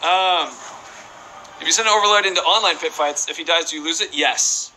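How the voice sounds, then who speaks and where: Bright-voiced playful male game streamer. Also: fairly high pitch, a little fast, a little hiss or hum, poor audio. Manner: rambling, playful, reads chat aloud. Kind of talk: casual live-stream chat while playing.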